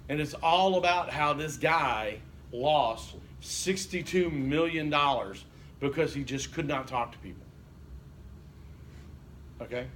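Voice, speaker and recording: Male lecturer, conversational, a bit higher voice, faint background noise. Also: slow, long pauses, fairly bright tone. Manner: conversational, asks the class questions, frequent okay and you know. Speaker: college instructor. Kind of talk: classroom lecture. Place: classroom.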